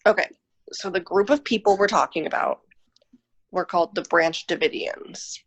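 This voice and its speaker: A woman's voice: on the low side, normal speed, fairly bright tone, slightly rough. A woman presenting a podcast episode in casual chat, explaining things step by step. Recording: dull lo-fi recording.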